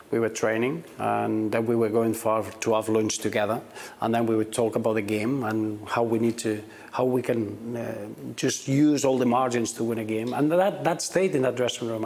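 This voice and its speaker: Middle-aged man, football manager in interview, gravelly voice, hesitant and reflective. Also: medium pitch, a little mellow. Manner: hesitant, often repeats words when starting sentences.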